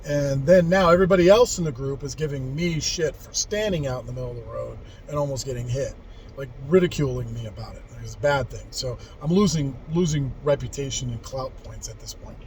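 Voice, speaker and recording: A man's voice: mid-range voice, a little fast, a little mellow, slight background noise, poor audio. A man in his forties casually telling a story from his youth, rambling and candid, with frequent swearing and restarts. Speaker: vlogger telling life stories.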